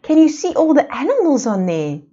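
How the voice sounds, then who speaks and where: A woman from South Africa teaching small children in an online playschool lesson, asking slow, sing-song questions. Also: high voice, big pitch swings, mellow, muffled recording. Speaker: preschool teacher.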